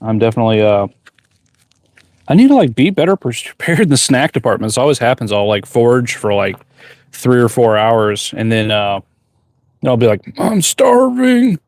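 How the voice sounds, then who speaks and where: A man's voice: medium pitch, normal speed, darkish tone, no room sound. A man who is a blacksmith, chatting casually on a livestream from his forge workshop, rambling and reading viewer questions aloud.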